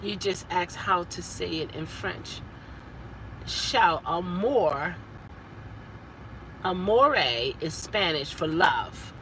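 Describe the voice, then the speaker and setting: A woman, chatting casually as a vlogger in a car, animated and stumbling over her words. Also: lowish voice, very slow, pauses often, slight background noise, poor audio. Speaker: vlogger and rideshare driver. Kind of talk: casual chat.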